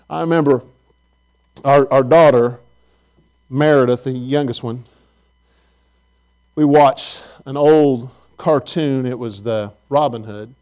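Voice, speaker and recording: A middle-aged man preaching a sermon and telling folksy family stories. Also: medium pitch. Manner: storytelling, folksy and animated. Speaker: pastor.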